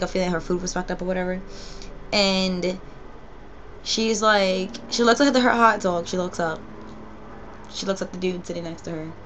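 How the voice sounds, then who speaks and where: A woman's voice: mid-range voice, a bit bright, slight background noise. Profane rambling New York woman. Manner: rambling, profane, laid-back. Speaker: vlogger and cosplay performer. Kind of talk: casual story-time vlog.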